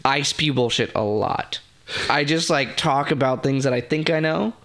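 A man's voice: mid-range voice, moderate pace, fairly bright tone. A young man co-hosting a podcast in casual chat, joking around and swearing casually. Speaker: podcast co-host.

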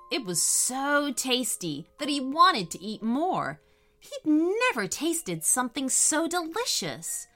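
A woman narrating a children's storybook in an expressive, unhurried way. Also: medium pitch.

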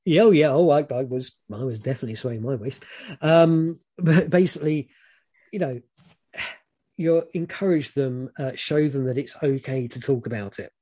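A British man chats through frank advice in a relaxed, rambling way, full of ums and restarts. His voice is mellow and warm at a middling pitch. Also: normal speed. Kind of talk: casual advice chat.

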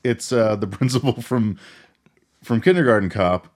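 A man co-hosting a casual movie podcast, rambling through the plot with laughs and quick character impressions. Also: mid-range voice. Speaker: podcast co-host. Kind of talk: casual movie recap chat.

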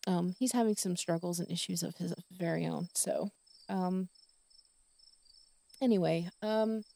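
A woman's voice: fairly low pitch, a little slow, gravelly, dark tone. A middle-aged woman hosting a podcast, talking candidly and rambling in a casual monologue full of fillers and retold conversations. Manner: rambling, candid, with many fillers and quoted dialogue. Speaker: podcast host.

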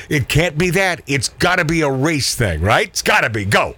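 Brash, animated male talk radio host. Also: on the high side, normal speed. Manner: brash, mocking, stammering restarts.

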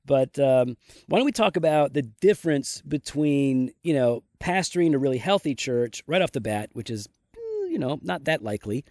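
A man's voice: mid-range voice, animated, normal speed, a little mellow, no room sound, studio quality. A man co-hosting a casual church podcast, rambling and self-deprecating, often trailing off into a mumble. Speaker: podcast co-host, pastor.

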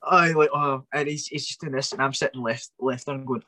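A man's voice: medium pitch, fairly even intonation, a little fast, pushed and bright, dry recording. Scottish man telling a story in a rant. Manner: ranting, exasperated, with many restarts. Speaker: wrestler guest. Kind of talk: animated storytelling.

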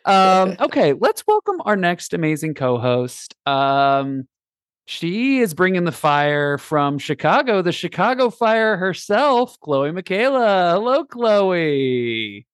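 A man's voice: high-pitched, big pitch swings, takes it slowly, no echo, clean studio sound. A man hosting a casual podcast, playful and rambling, with many fillers. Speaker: podcast host. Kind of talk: casual chat.

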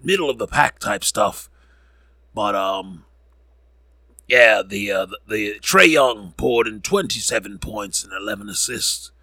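A man's voice: fairly low pitch, lively intonation, measured pace, gravelly, bright, forceful tone, no echo. A man hosting a podcast, rambling through sports scores with jokes and frequent self-corrections. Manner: rambling, joking, corrects himself often. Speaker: podcast host. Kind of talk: casual sports score recap.

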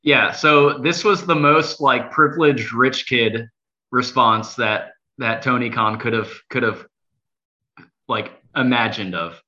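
A man's voice: mid-range voice, slow pace, pushed and bright. A man co-hosting a casual podcast chat with sarcastic jokes, heard through a built-in mic. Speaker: podcast co-host. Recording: dull lo-fi sound from a built-in mic.

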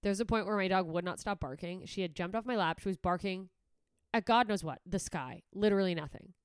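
Woman comedian podcasting solo, sweary rambling rant, self-mocking, smooth clear voice, dry close sound. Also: mid-range voice, brisk, no room sound. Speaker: podcast host and stand-up comedian.

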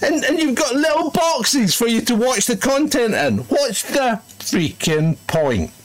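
A man's voice: extremely high pitch, sing-song, unhurried. A British man hosting a casual live commentary stream, sardonic and grumbling, laughing often. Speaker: stream host.

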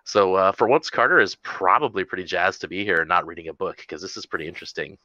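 Deep, bright male player, lively and sarcastic; dull lo-fi recording. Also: fast talker, no room sound. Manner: sarcastic, mocking asides. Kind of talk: casual game talk. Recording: dull lo-fi mic.

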